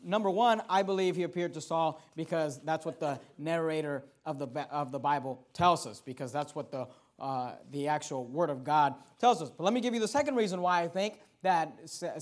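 A preacher with a notably high-pitched man's voice works through a Bible passage in sermon style. He is emphatic, swinging from loud, lifted declarations to quiet asides, and he keeps pressing his listeners with rhetorical questions. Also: brisk, few pauses. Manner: emphatic, rises and falls sharply in loudness, rhetorical questions.

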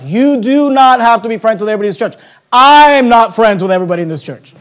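A man preaching a sermon as pastor, swinging between soft and loud and acting out little dialogues. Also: extremely high pitch, expressive, fast talker. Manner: acts out little dialogues and quotes scripture.

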